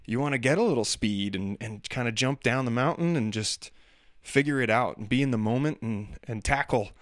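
A man's voice: medium pitch, fairly quick, dry recording. Middle-aged male host, casual rambling storyteller, mid-range voice, dead-dry recording. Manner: chatty, self-deprecating, demonstrates singing sounds. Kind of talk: casual monologue.

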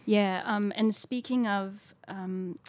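A woman's voice: mid-range voice, fairly even intonation, slow, dry recording. Hesitant woman with a dry sound. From Canada. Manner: hesitant, lots of ums, reads passages aloud. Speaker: podcast co-host. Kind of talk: casual book-club chat.

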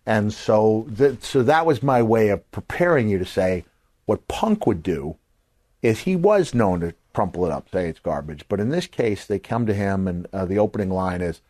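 An older man hosting a podcast, telling animated stories and acting out the voices of people he quotes, sometimes jumping to a shout for a punchline. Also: fairly low pitch, normal speed, no echo. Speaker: podcast host. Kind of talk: casual storytelling.

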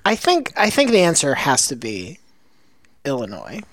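A man's voice: mid-range voice, wildly swooping pitch, moderate pace, fairly bright tone, no room sound. A man co-hosting a podcast over a video call, talking in a hesitant, self-deprecating way. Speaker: podcast co-host. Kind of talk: casual chat.

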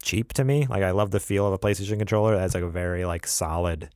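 A man's voice: sits low, fast talker, a little mellow, dry recording, clean studio sound. A man co-hosting a casual podcast, rambling and laughing, with many fillers. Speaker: podcast co-host. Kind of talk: casual chat.

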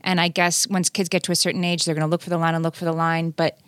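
A woman's voice: lowish voice, flat delivery, fairly bright tone, clean tone, no echo, clean studio sound. A middle-aged woman co-hosting a parenting podcast, talking earnestly in casual chat with frequent restarts. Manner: earnest, halting, many restarts. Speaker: podcast co-host.

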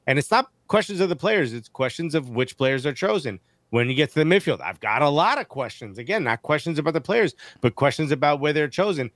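A man co-hosting a casual sports podcast, animated and joking, using slang, on a studio mic. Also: fairly high pitch, dry recording. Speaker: podcast co-host.

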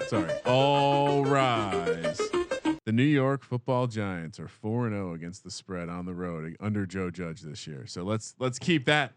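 A man co-hosting a sports betting show, rattling off stats with playful catchphrases and quick self-corrections. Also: sits low, lively intonation, faint music behind. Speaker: sports betting podcast co-host. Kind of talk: casual sports betting chat.

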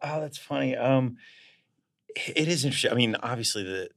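A man's voice: mid-range voice, lively intonation, fairly quick, creaky, a bit bright. A man being interviewed as a guest actor, talking in a reflective, casual way and searching for words as he goes.

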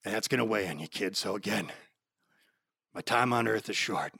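Man voicing a weary old adventurer, gravelly voice, solemn fatherly warning, dry close sound, comic improvised monologue. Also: fairly low pitch, normal speed, sharp tone, dry recording, exaggerated voice.

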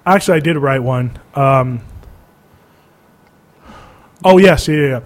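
A man's voice: medium pitch, unhurried. A man co-hosting a casual podcast, trading blunt, crude, mocking jokes. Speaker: podcast co-host.

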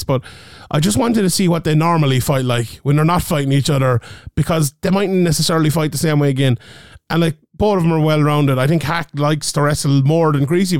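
A man's voice: on the high side, smooth, no room sound, studio quality. A man co-hosting a podcast, chatting casually through a fight card in a rambling way full of fillers. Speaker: podcast co-host. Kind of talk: casual MMA fight preview chat.

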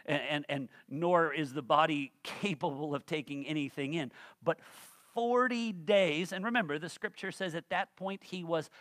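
A man with a high voice delivers a sermon in a folksy, joking way, then builds to fervent emphasis. The sound is dry and close, with no room around it. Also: moderate pace, few pauses, a bit bright, dry recording. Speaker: pastor.

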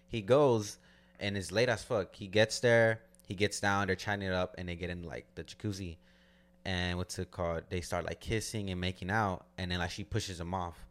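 A man's voice: low-pitched, fairly even intonation, fairly quick. A man co-hosting a podcast, telling a story in loose, profane casual chat full of "like" fillers. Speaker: podcast co-host.

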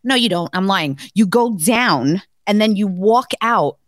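Her pitch is medium and her pace measured, with no reverb on the recording. She's a podcast co-host who spins animated tales in casual talk, laughing a lot and swearing without holding back.

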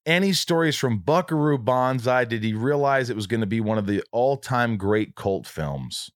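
A man's voice: mid-range voice, normal speed, dry recording. Casual male podcast host, dry close sound. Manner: relaxed, swears casually, reads out listener questions. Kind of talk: casual interview.

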